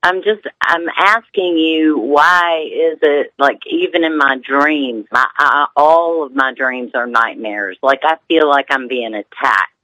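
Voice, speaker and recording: A woman's voice: deep voice, unhurried, hardly any pauses, sharp tone, no room sound, rough recording. A woman from Georgia calling into a radio show, hesitant and emotional, often restarting her sentences. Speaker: radio caller. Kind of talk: call-in radio question.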